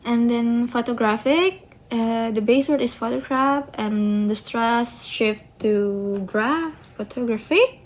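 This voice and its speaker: A woman, presenting slides in a student project on word stress, talking haltingly with frequent restarts. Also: a little high. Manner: halting, slow, restarts and self-corrections. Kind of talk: slide presentation explaining pronunciation.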